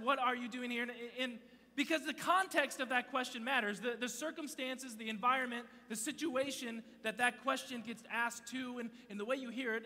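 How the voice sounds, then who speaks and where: Bright, animated man preaching in a hall. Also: very high voice. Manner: animated, joking, self-interrupting storyteller. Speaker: youth pastor. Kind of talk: youth sermon with storytelling. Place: large church auditorium stage. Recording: long hall reverb.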